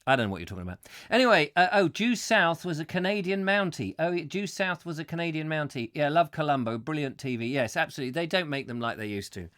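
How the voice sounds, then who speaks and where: Lively, rambling English male chat host. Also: a little high, quick pace, few pauses. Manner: rambling, jokey, does silly voices. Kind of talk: live comic chat show.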